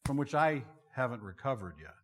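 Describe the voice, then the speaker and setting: A middle-aged male pastor preaching a sermon in an expressive, conversational and self-deprecating way. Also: mid-range voice, brisk. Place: church sanctuary. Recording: long reverb of a large hall.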